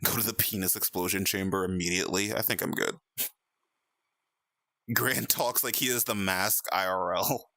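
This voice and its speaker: A young man streaming in VR, chatting casually with viewers, animated and laughing often. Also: deep voice, normal speed, no echo, studio quality. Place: VR chat stream at home.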